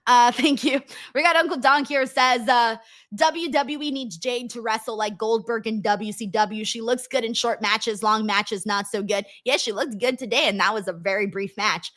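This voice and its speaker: A young woman hosting a casual livestream, chatting and reading viewer messages with lots of ums and excited bursts. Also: a little high, moderate pace. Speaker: wrestling livestream host. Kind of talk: casual livestream chat, reading super chats.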